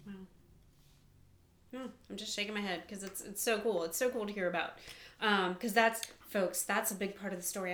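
A woman hosting a church podcast interview, responding to her guest in a soft, affirming way. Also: mid-range voice, steady tone, moderate pace, roomy sound. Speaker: podcast host.

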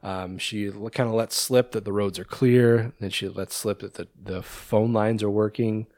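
Male podcast co-host, low-pitched, relaxed plot recap full of fillers, dry recording. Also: moderate pace, no echo. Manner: retells scenes with many ums and restarts. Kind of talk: casual movie discussion.

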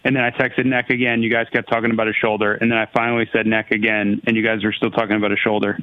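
A man's voice: on the low side, level tone, fast, no room sound. A man co-hosts from afar and calls in over a thin, phone-like line. He is earnest and a bit sheepish as he explains himself. His voice is dry and tinny. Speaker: co-host on a remote line. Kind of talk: casual chat.

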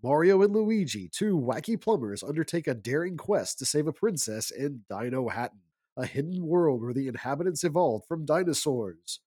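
A man's voice: a little high, expressive, normal speed, dark tone, slightly rough, no room sound, studio quality. A man co-hosting a casual podcast, making wry punny jokes and reading aloud. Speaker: podcast co-host.

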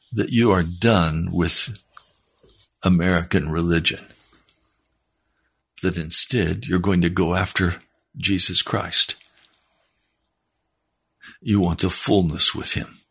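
A man's voice: vocal fry, fairly bright tone, slightly rough. A middle-aged male pastor preaching a sermon, reading from a testimony and pleading earnestly with his listeners. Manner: earnest, pleading, rises in pitch when exhorting. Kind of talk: sermon with read-aloud testimony.

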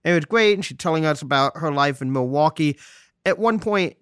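A man from New City, hosting a podcast and telling stories in a joking, salty, animated way. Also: fairly high pitch, brisk, clean tone, dry recording, clean studio sound. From New York City. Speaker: podcast host. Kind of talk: casual storytelling monologue.

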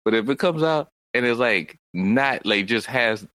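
A man co-hosting a podcast, talking in a rambling, halting way with many restarts. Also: medium pitch, animated, a bit bright. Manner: rambling, halting, self-interrupting. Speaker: podcast co-host. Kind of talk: casual chat.

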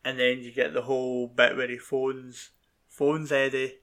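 Bright-voiced man in casual chat. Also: medium pitch, little pitch movement, unhurried. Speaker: podcast co-host. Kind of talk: casual film review chat.

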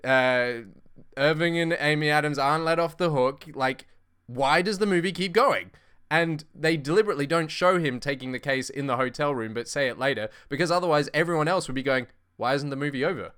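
Smooth bright-voiced guy, dry sarcastic takes on a movie, podcast chat. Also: fairly high pitch, a little fast. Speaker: podcast co-host. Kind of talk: casual movie discussion.

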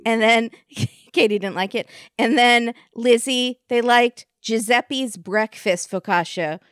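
Wry, animated woman podcast co-host. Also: on the high side, slow pace, clean tone, no echo, studio quality. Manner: wry, animated storytelling with frequent laughs. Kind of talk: casual recap chat.

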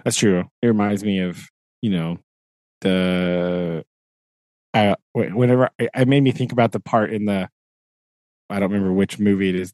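A man's voice: on the low side, darkish tone, no echo, clean studio sound. Chatty man on a podcast. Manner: chatty, peppers talk with "right?" and "like". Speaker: podcast co-host. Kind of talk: casual chat.

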